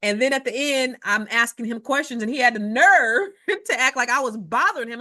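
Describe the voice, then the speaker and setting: A woman real estate investor giving advice in an emphatic, conversational way, telling personal stories and often repeating herself with quick asides. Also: fairly high pitch, expressive, pushed and bright, no echo, clean studio sound. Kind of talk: advice talk with personal anecdotes.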